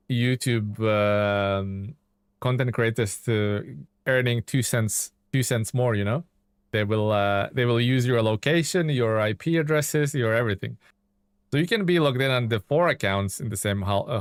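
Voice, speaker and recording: A man's voice: medium pitch, dry recording, studio quality. A man streaming a truck-driving game live, giving laid-back, chatty commentary and reading viewer chat aloud.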